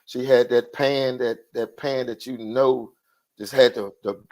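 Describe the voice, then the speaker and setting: Gravelly drawling man co-host. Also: mid-range voice, fairly even intonation, a little slow, a little mellow, a little hiss or hum. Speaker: radio show co-host. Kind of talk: casual chat.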